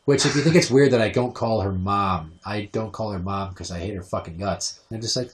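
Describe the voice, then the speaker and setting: A young man hosting a podcast, telling crude, sarcastic stories full of swearing and sometimes mimicking his mother in a shrill voice. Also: a little fast, hardly any pauses. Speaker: podcast host. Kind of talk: crude comedic storytelling.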